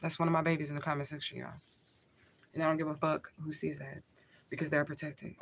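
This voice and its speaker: A woman's voice: sits low, level tone, fast talker, creaky, noisy background. A woman talking casually into the camera on a livestream, emotional and blunt, swearing freely and laughing often.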